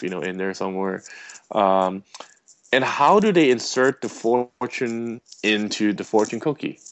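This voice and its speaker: A man's voice: on the low side, normal speed. Rambling man telling a funny story. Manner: rambling, animated, lots of fillers and restarts. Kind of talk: casual storytelling chat.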